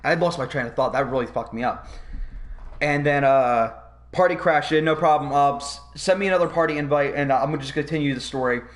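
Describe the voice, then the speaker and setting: A young man hosting a podcast, telling a long story in a rambling, profane, animated way. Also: fairly high pitch, fairly quick. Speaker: podcast host. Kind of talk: casual storytelling.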